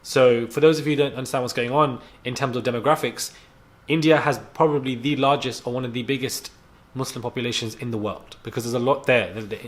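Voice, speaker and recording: A vlogger delivers an irritated, heated rant straight to camera. His voice sits at an ordinary middle pitch. He doubles back on words and leans on fillers as he builds his case. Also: fairly even intonation, quick pace. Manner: annoyed, heated, repeats himself with fillers. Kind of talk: ranting commentary to camera.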